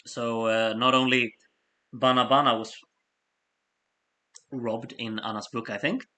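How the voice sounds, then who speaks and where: A man hosting a live stream of fan votes, reading out scores in a chatty, apologetic way while he has the hiccups and keeps clearing his throat. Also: medium pitch, steady tone, a little slow, bright, forceful tone. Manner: chatty, apologetic asides between score readouts. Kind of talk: casual live-stream commentary.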